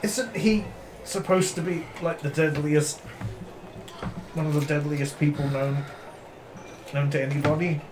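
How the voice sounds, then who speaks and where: A man playing in a tabletop role-playing game, chatting casually and thinking out loud. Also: fairly high pitch, fairly even intonation, measured pace, long pauses, background noise. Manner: chatty, wondering aloud. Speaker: player.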